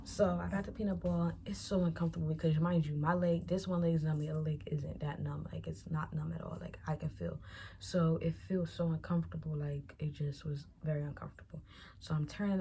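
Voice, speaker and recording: A woman's voice: low-pitched, slight background noise. A young woman vlogger telling a storytime casually and chattily, acting out what others said. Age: young adult. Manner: chatty, animated retelling that acts out quoted dialogue.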